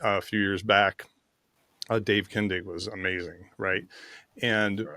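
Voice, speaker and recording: A man's voice: sits low, little pitch movement, unhurried, sharp tone, no room sound, clean studio sound. An older man hosting a car podcast, asking questions in an easygoing, loose way with lots of affirming asides. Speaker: podcast host. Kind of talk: casual interview chat.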